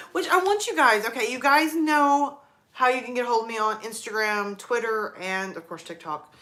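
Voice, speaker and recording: A woman's voice: on the high side, moderate pace. A woman in her thirties hosting a live stream, chatting casually and rambling through stories about her kids and her mom. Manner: chatty, rambling, animated storytelling.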